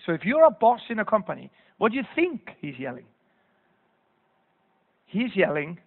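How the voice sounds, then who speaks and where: High-voiced man giving a lively keynote. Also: normal speed, long pauses, long reverb tail. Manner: animated, acts out quotes, repeats key phrases for emphasis. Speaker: keynote speaker. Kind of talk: motivational conference talk. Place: conference hall. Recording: tinny lo-fi audience recording.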